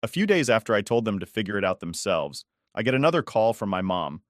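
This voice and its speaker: Man, story narrator, scripted first-person reading, steady, dry sound. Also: fairly low pitch, quick pace, no echo.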